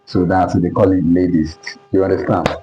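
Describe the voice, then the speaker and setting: Male teacher from Nigeria, low mellow voice, lo-fi recording with faint music, drills words and checks understanding. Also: flat delivery, quick pace. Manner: repeats words and keeps asking "do you understand?". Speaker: English pronunciation teacher. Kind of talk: classroom lesson.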